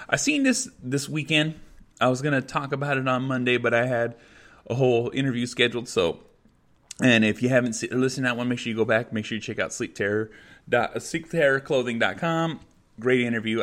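A man's voice: mid-range voice, a little fast, fairly bright tone. A man hosting a podcast, ranting angrily and profanely as he reacts to a news clip. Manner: angry, profane, repetitive ranting. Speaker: podcast host.

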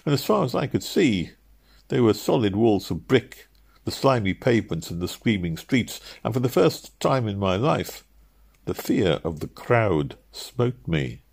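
A man narrating an audiobook in a measured, steady reading. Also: lowish voice, creaky, slightly rough.

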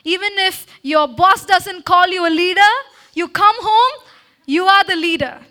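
Her pitch is extremely high and her tone sharp, though she never hurries. Holding a mic, the woman addresses a church meeting in sermon fashion, exhorting those gathered. She repeatedly prompts the congregation with "Okay?" and waits for their response.

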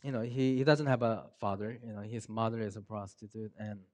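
A man telling a personal testimony in an earnest, halting storytelling manner, with frequent pauses and ums. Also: on the low side, steady tone, darkish tone. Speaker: speaker sharing a personal testimony.

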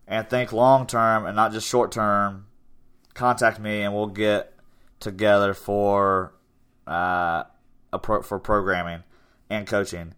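On his relaxed podcast, a twenty-something gym owner with a lowish, slightly bright, clean voice chats about his gym. His talk is rambling, cheerful, and promotes himself.

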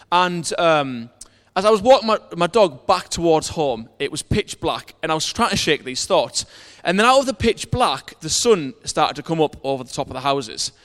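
A man delivers a sermon, weaving a personal story around scripture readings in an earnest way and often restarting his phrases. His voice sits a little high for a man. The long reverb of a hall trails behind every line. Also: fairly bright tone. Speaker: preacher.

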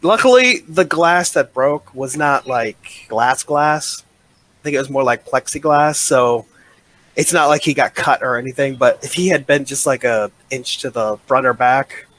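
A man's voice: medium pitch, a little slow, fairly bright tone. A man speaking as a podcast guest, telling stories casually with jokes and frequent laughs. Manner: jokey, laughs a lot while telling stories. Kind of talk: casual chat.

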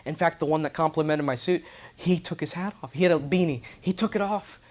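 Male preacher, animated storytelling, acts out voices, loud outbursts, church sermon. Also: a little high, fairly quick. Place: church with congregation responding.

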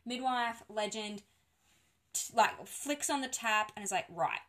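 A woman casually telling a birth story on a podcast, animated and laughing often. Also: a little high, unhurried.

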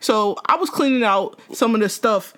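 A woman co-hosting a casual chat, loud and teasing, laughing often. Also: fairly high pitch, normal speed. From New Jersey. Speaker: podcast co-host.

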